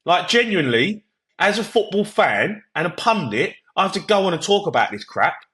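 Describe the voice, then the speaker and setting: Bloke on a football pod going off on a rant, bright punchy voice, a bit high, keeps swearing. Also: male voice, very animated, moderate pace. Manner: heated ranting, swears, talks over others; repeats punchy phrases. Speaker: football podcast co-host. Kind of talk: football podcast chat.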